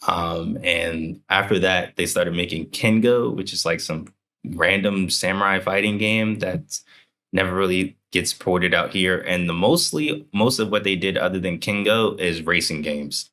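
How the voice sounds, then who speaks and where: A man's voice: deep voice, measured pace, sharp tone. A young man co-hosting a podcast, chatting casually in a rambling, joking way. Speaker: podcast co-host.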